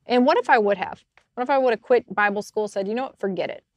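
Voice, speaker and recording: A woman talks through her story with lively, animated energy, laughing as she goes. Her voice sits at a middle pitch and sounds dry and close, with no room around it. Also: quick pace, no room sound, highs cut off. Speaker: podcast co-host. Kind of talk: casual faith chat.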